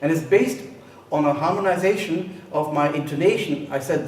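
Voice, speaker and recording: A man, a composer, explaining his pieces in a relaxed live lecture, pausing often with fillers. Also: fairly high pitch. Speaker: composer presenting his works. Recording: echoey room, voice from a distance, faint noise.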